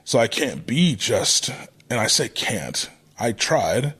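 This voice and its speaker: A man in his thirties, a wrestler as podcast guest, speaking in a measured, thoughtful way. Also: medium pitch, big pitch swings, a bit bright, husky. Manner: measured, deliberate delivery with frequent restarts. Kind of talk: thoughtful interview talk.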